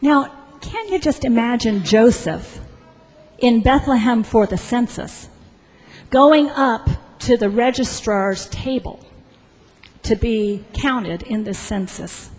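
A woman pastor preaching a sermon in a church sanctuary, telling a story slowly with deliberate pauses. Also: fairly high pitch, darkish tone, slightly rough. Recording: long church reverb.

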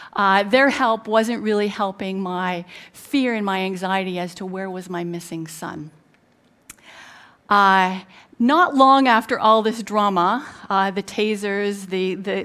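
A woman's voice: mid-range voice, a bit bright. Middle-aged woman preaching a story. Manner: storytelling with many fillers, emphatic retelling. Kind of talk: sermon with personal story.

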